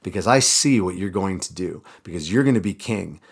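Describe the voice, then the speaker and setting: A man voicing a grieving old male prophet with quick, earnest speech. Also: low-pitched, animated, vocal fry, slightly rough, full character voice.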